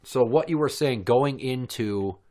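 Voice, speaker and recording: A man's voice: medium pitch, unhurried, background noise. A man hosting a podcast, chatting casually with a guest, teasing and swearing freely. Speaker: podcast host. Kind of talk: casual profane chat.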